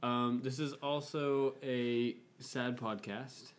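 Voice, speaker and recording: Young male co-host, average pitch, jokey, trips over his words. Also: steady tone, slow, a little hiss or hum. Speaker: podcast co-host. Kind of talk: casual chat among housemates.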